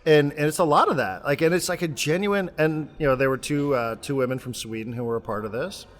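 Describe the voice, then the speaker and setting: A man co-hosting a casual sports podcast, talking in a rambling, halting way with many restarts. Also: fairly high pitch, big-room sound. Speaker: podcast co-host. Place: remote, traveling abroad.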